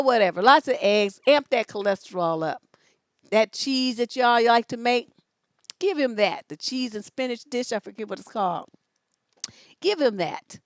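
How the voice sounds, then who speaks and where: A woman's voice: mid-range voice, no echo. A woman relationship coach answering viewer questions in a casual livestream, blunt and profane, joking as she reads the questions aloud. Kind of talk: casual livestream advice chat.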